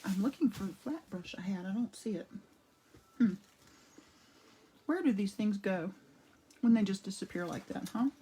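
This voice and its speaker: A chatty woman walks viewers through her paper craft in a relaxed live demo, her pitch sitting in the middle of the range for women. She rambles a little, restarts her sentences and greets viewers by name as she works. She talks around a cough drop. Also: moderate pace, long pauses, slightly rough, poor audio. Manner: rambling, with frequent restarts and asides. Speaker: art demo host. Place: home art studio.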